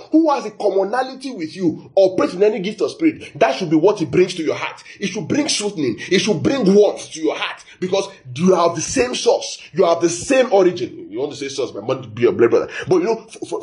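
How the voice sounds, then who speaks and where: Lively Nigerian-raised preacher, animated pitch. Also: male voice. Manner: lively, asks the audience questions, repeats phrases. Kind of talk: sermon.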